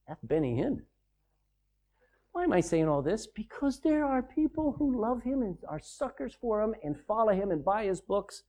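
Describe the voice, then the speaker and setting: A man preaching a sermon, animated and emphatic, with mocking, sarcastic asides. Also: high voice, a little slow.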